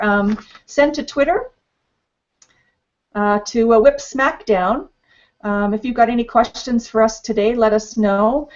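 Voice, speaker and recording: A bubbly woman with a fairly high voice hosts a live online panel, chatty and playful, with plenty of ums and uhs. The sound comes through a dull, lo-fi web stream. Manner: bubbly, playful, many fillers. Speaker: host.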